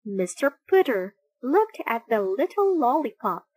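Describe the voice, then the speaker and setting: Slow, expressive woman reading a picture book. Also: on the high side, no room sound, poor audio. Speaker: storybook reader.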